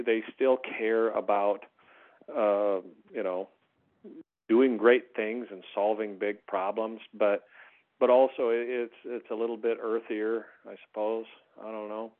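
An American man telling stories in a casual conversation as a podcast guest, his voice jumping up high when he makes a point. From United States. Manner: animated storyteller, voice rising high on emphasis. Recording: tinny phone-line sound.

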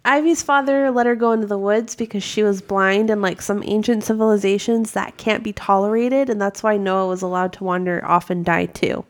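A woman's voice: mid-range voice, fairly even intonation, fairly quick, hardly any pauses. A woman hosting a podcast in casual chat, delivering short blunt answers and giggling. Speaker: podcast host.

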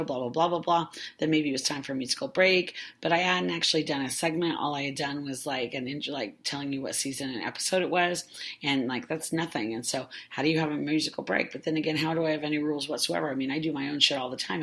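Bright-voiced rambling woman podcaster. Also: low voice. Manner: rambling and profane, with many fillers and self-interruptions. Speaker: podcast host. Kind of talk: casual solo podcast monologue.

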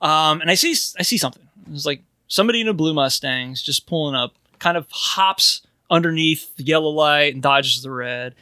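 A man with a high, bright voice chats casually on a podcast, cracking jokes and laughing often. The sound is dry and close, with little room around it. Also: brisk, hardly any pauses, smooth, no room sound. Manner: jokey, laughs often, wry asides. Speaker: podcast co-host. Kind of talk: casual chat.

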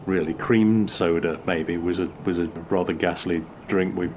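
Man with an English Midlands accent, low-pitched, thoughtful conversational host. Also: moderate pace, background noise. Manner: reflective, many restarts, animated bursts. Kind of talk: casual chat.

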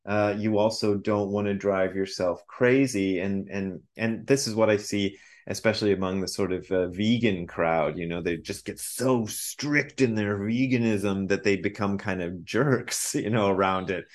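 Low-pitched male guest in his fifties, a Zen priest who talks in halting, self-correcting bursts and laughs easily. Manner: halting, repeats words, laughs often. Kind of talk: casual interview talk.

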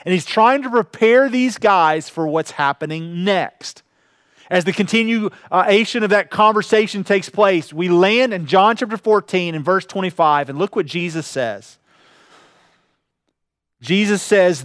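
High-voiced man preaching conversationally. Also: lively intonation, normal speed, a bit bright, dry recording. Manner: conversational preaching with frequent fillers, paraphrasing scripture. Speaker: pastor. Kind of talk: sermon.

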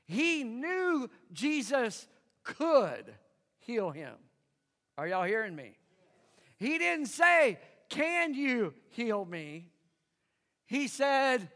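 With long hall reverb around him, a pastor preaches emphatically and draws his congregation into call-and-response. He speaks very slowly in an extremely high, sing-song voice that is a bit bright.

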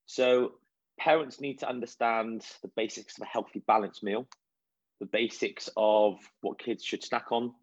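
A man's voice: lowish voice, no echo. A man who works as a children's nutrition coach, answering interview questions in a chatty, anecdotal way. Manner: chatty, anecdotal, animated storytelling. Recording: dull, lo-fi sound.

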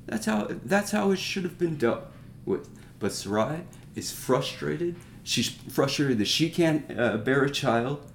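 A man's voice: a little high, lively intonation, measured pace, gravelly, slight background noise. A man giving a conversational Bible teaching in an earnest, explanatory way, often circling back and asking his listeners to notice a point. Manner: earnest, explanatory, with frequent restarts and rhetorical asides. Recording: roomy echo.

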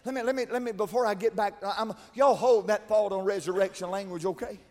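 A preacher with a strikingly high voice delivers a sermon, rising into shouted, sung-out climaxes before falling back to quiet asides. His voice rings with the long reverb of a large church hall. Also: fairly even intonation, fast. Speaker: pastor.

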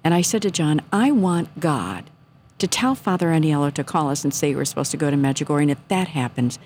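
A woman telling a personal faith story on a radio show, earnest and sometimes hushed. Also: deep voice, fast talker, slight background noise. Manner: earnest, drops to a soft hush at moments. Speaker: guest telling her story.

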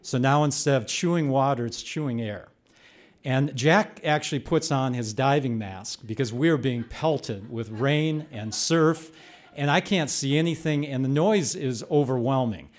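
Older man telling a lively story. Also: mid-range voice, a little slow. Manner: animated, rising to shouts when reliving the chaos. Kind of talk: live personal storytelling.

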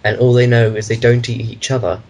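A man's voice: mid-range voice, little pitch movement, fairly quick, darkish tone, highs cut off. A man co-hosting a casual podcast chat, rambling through meandering explanations of his own ideas. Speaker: podcast co-host.

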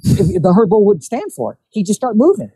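A man's voice: sits high, fairly quick, slightly rough, no room sound, rough recording. A man telling a hunting story in a casual chat, acting out what people said. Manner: animated storyteller acting out quotes. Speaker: guest telling hunting stories.

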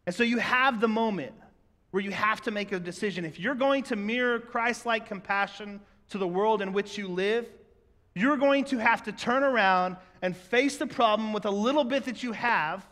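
A man's voice: sits high, moderate pace, pushed and bright. A man preaching a sermon, talking conversationally to the congregation and asking rhetorical questions. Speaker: pastor. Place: church sanctuary. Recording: echoey hall.

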